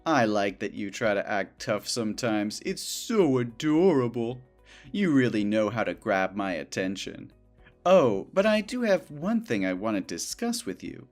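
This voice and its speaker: A sugary, wheedling coworker who will not take no for an answer, played by a man. He drawls slowly, his voice rising and falling with lively swings, while soft music plays underneath. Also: on the low side. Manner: sugary, wheedling, overly familiar. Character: clingy possessive male coworker, young adult. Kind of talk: scripted dialogue drama.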